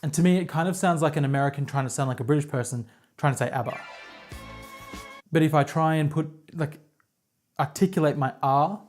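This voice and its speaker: Faint music plays behind this Australian woman as she hosts her knitting podcast from the couch at home. Her voice is low-pitched and darkish, her pace brisk, and her chatter to camera rambles along with plenty of self-deprecation.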